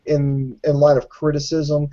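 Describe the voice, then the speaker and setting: Mellow-toned man asking questions. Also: a little high, monotone, unhurried, lo-fi sound. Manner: questioning, reads listener comments. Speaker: podcast co-host. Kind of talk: casual wrestling podcast chat.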